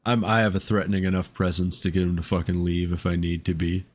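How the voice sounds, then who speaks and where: A man's voice: low-pitched, flat delivery, quick pace. A man co-hosting a podcast, chatting casually with heavy swearing and frequent laughter. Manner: profane, laughs often. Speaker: podcast co-host.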